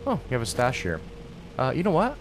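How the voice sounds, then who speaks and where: A man's voice: mid-range voice, wildly swooping pitch, a little fast, noisy background. A man commentating a video game playthrough, exasperated and rambling, repeating himself. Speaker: gameplay commentator. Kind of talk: let's play commentary.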